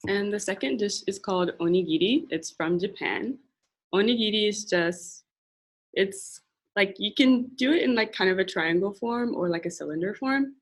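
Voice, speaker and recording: A young woman presenting a classroom lesson, speaking patiently and repeating phrases slowly for learners. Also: medium pitch. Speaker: language and culture presenter. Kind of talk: classroom teaching.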